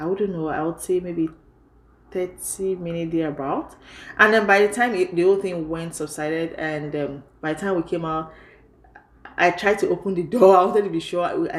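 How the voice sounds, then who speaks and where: Low-voiced woman telling a story, echoey room. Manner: lively retelling, heavy use of "you know". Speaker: vlogger. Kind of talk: personal storytelling vlog.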